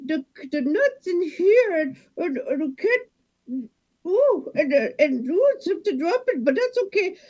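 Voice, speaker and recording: A woman's voice: very high voice, darkish tone, poor audio. A woman playing a rambling grocery cashier. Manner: rambling, lots of ohs and fillers. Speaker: improv performer. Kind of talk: live improv monologue.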